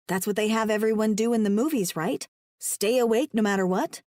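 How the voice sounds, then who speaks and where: A woman's voice: a little fast, darkish tone, dry recording, studio quality. A young woman narrating a first-person romance audiobook, emotive and dramatic. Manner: emotive, voices the heroine's panic in a higher pitch.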